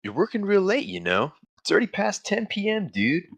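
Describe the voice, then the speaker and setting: A man's voice: sits high, wildly swooping pitch, a little fast, creaky, a bit bright, slight background noise, heavily acted. A man voicing a laid-back young surfer dude with a drawling, slangy, evasive manner, fan voice acting a game. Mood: lazy.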